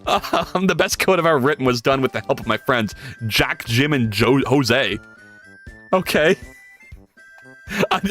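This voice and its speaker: Brief: male coding streamer, wildly lively pitch, slightly high, rambling and swearing, faint music underneath. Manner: profane, rambling and jokey, with big pitch swings. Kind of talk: casual coding livestream chat.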